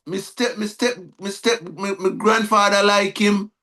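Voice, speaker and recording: A Jamaican man speaks with a high voice for a man as he tells his life story in an interview. His speech loops back on itself, with words repeated and phrases restarted. He slips into Patois when he retells conversations. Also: fairly even intonation, measured pace, pushed and bright. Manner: repetitive, restarts words, acts out quoted dialogue in Jamaican Patois. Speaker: guest, reggae artist.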